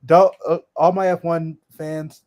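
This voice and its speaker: A man's voice: fairly high pitch, level tone, measured pace, heavy background noise. Laid-back swearing man on a podcast. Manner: laid-back, profane, laughing often. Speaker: podcast host. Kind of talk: casual chat.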